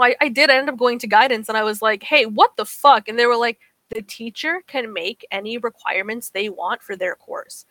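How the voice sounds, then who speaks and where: A woman's voice: medium pitch, no echo. A woman in her twenties on a podcast, chatting casually and telling stories with lots of swearing, acting out what people said. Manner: profane, animated storytelling, acts out quotes. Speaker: podcast co-host. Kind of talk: casual chat.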